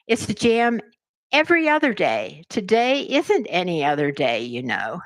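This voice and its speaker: A woman voicing a fussy, flustered old queen who talks in a raised voice and breaks into shrill wailing cries. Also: wildly swooping pitch, unhurried, no echo, heavily acted, poor audio. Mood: insistent.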